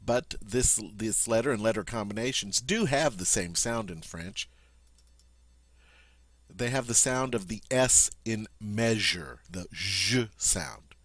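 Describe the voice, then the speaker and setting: A man's voice: fairly low pitch, slow pace, a bit bright, no echo. Man, language teacher, patient explaining, dry close sound. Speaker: French teacher. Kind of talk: language lesson.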